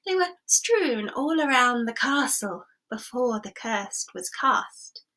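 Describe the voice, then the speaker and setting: A woman voicing an old bearded king who speaks slowly and gravely in a storybook tale. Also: fairly high pitch, expressive, pushed and bright, heavily acted, poor audio. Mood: solemn.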